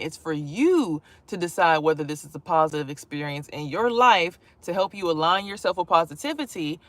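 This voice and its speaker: Animated woman telling a story, dry sound. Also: lowish voice, no room sound. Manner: animated, profane, acts out quotes. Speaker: vlogger. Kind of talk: casual storytelling.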